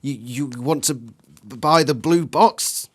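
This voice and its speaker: A man's voice: mid-range voice, extremely slow, a bit bright, slightly rough, voice pushed up, full character voice. A man reading a gamebook aloud and voicing a frightened young protagonist who speaks in a raised, alarmed voice. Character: young scared protagonist, panicky and excited.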